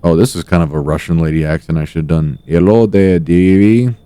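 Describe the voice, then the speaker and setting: A man's voice: very deep voice, little pitch movement, fast talker, dark tone, smooth, no echo. A man casually commenting on a game during a live stream, laid-back and wry, swearing now and then.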